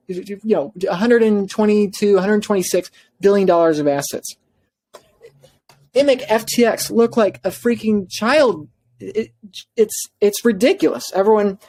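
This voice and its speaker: A man, an adviser, delivering an impassioned monologue, emphatic and repeating himself with quick restarts. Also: high-pitched, darkish tone. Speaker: bitcoin adviser.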